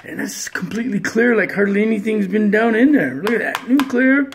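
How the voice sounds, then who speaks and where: A pinball hobbyist chatting to viewers in a casual vlog, thinking out loud and breaking into excited exclamations while showing a repaired machine indoors. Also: medium pitch, brisk, a little hiss or hum.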